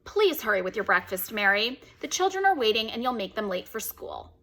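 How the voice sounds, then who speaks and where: A woman's voice: fairly high pitch, big pitch swings, brisk, a bit bright, heavily acted. A woman reading the part of a worried, proper mother, earnest and fretful. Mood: stern.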